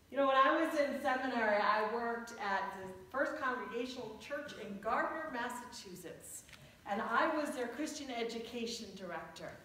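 A woman pastor delivers a sermon at an unhurried pace, her voice sitting high. She mixes warm storytelling and gentle humor, drawing out key words for emphasis. The sound is a distant mic in a very echoey church. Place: church sanctuary.

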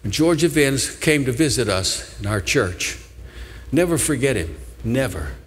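Older preacher in a reverberant church. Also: male voice, mid-range voice, lively intonation, unhurried. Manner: earnest storytelling preacher, pleading and exhorting. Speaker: pastor. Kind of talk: sermon. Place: large church sanctuary. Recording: long church hall reverb.

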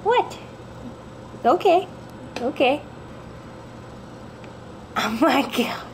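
Young woman, high and very unhurried, doting pet-owner baby talk, cat meows behind. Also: very animated, slight background noise. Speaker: vlogger. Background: cat meowing.

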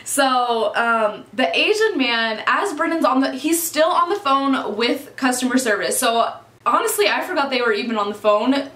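High-voiced chatty young woman vlogger. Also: animated, normal speed, a bit bright. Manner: chatty, swears often, says "like" constantly. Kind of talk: casual storytime. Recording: echoey room.

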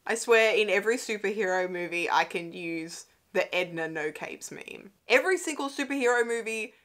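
A young adult woman hosts a casual watch-along movie commentary from a room at home, chatty, laughing often and swearing frequently. Her voice is mid-range and a bit bright, with lively intonation at normal speed.

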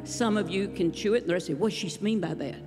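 A woman preacher delivering a sermon, with emphatic, rhythmic preaching that swings from hushed to shouting. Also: medium pitch, fast talker. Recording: live hall recording with long reverb and music.

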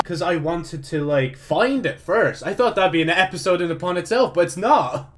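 A young man commentating his own video game play, swearing often and jumping from low muttering to sudden yelps. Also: lively intonation, normal speed, hardly any pauses. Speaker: gaming channel host. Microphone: desk mic with audible mouse clicks.

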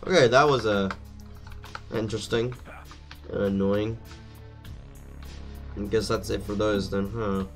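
A man's voice: lowish voice, steady tone, measured pace, long pauses, faint music behind. A man giving let's play commentary, jumpy and thinking aloud, swearing at the enemies as he plays. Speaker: gameplay commentator.

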